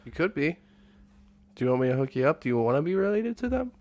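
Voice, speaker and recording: A man's voice: on the high side, big pitch swings, fast talker, a little mellow. A man guest on a podcast, chatting casually and joking like a playful storyteller. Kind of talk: casual chat.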